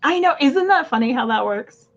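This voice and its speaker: Brief: rambling woman guest, fairly high voice, muffled lo-fi audio. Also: animated, moderate pace. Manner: chatty, laughing, rambling tangents. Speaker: guest seller. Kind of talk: casual live-stream chat. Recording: dull lo-fi audio.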